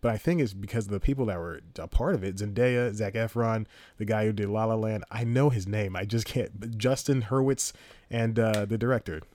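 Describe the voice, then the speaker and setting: A man hosts a solo podcast, rambling loosely with frequent laughs and trailing thoughts. His voice sits a little low, recorded close and dry with no room sound. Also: brisk, a little mellow, dry recording. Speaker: podcast host. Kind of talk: casual solo podcast talk.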